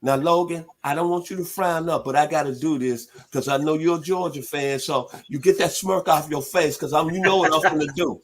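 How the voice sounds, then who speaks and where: Laid-back older Southern man talking football. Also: fairly high pitch. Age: 60s. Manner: laid-back, folksy, drawn-out emphasis. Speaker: sports radio host. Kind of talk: casual sports talk.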